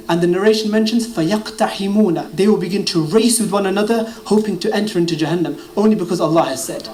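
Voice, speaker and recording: A man's voice: high-pitched, very fast, few pauses, darkish tone. A man with a British accent preaching a sermon, quoting Arabic narrations and translating them into English. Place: mosque gathering hall. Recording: echoey hall with faint ambient noise.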